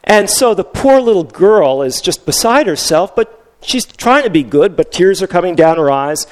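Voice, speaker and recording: A man's voice: sits high, very animated, normal speed. An older male pastor telling a story in a conversational sermon, with frequent restarts.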